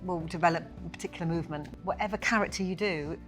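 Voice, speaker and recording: A woman stage actor in a cast round-table chat, talking in a lively, chatty way. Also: on the low side, quick pace, soft background music.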